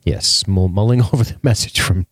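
A man with a very low voice co-hosts a podcast, keeping up crude, joking banter with his partner. His voice is recorded dry and close, with no room sound. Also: moderate pace, no room sound. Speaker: podcast co-host. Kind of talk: casual chat.

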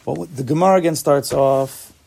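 Gravelly-voiced man teaching a Talmud class. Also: fairly high pitch, normal speed, a little mellow. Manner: explains step by step, asks and answers his own questions.

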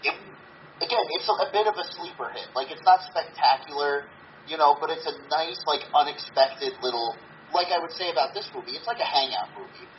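A man's voice: a little high, brisk, crowd noise. A young man co-hosting a podcast, chatting casually about a movie in a rambling, nitpicky way and swearing often. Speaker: podcast co-host. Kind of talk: casual movie review chat. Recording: slightly muffled with faint hiss.

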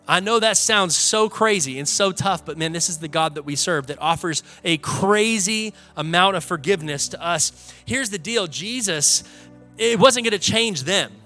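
A man's voice: sits high, pushed and bright. A young adult man, a pastor preaching an earnest, conversational sermon in a church, building to emphatic peaks. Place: church sanctuary.

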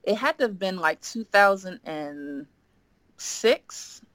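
A woman in her forties telling a personal story as a guest, acting out the quoted dialogue with lively energy. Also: medium pitch, slow pace, no echo. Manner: animated, acts out quoted dialogue. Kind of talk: casual storytelling.

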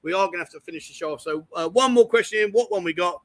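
A man's voice: high voice, racing, a bit bright. A man hosting a casual live stream from a bar, joking and teasing his guests and laughing often.

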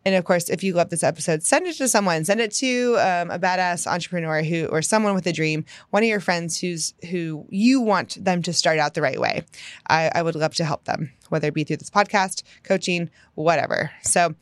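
A woman's voice: lowish voice, no echo. A woman business coach hosting her own podcast, giving an enthusiastic, emphatic motivational talk that often checks in with "right?".

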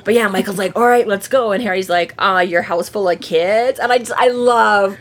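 A woman's voice: medium pitch, normal speed. A woman hosting a podcast in casual book-discussion chat. She rambles with many fillers and restarts, swears freely, and acts out the characters' lines. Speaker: podcast host.

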